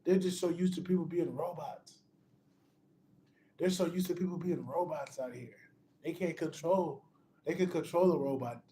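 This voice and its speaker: A man with a fairly high pitch and a dark tone, speaking at normal speed amid a little hiss or hum, gives a relaxed spiritual pep talk as a motivational speaker. He's emphatic and repetitive, calls the listener "bro," and restarts phrases, with laughs between points.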